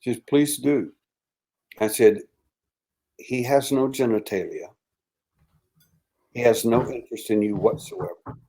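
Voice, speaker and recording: Being interviewed, an older man relates a story in a lively way, voicing quoted characters and dropping to a hushed tone at moments. His medium-pitched voice keeps a measured pace, and he pauses often.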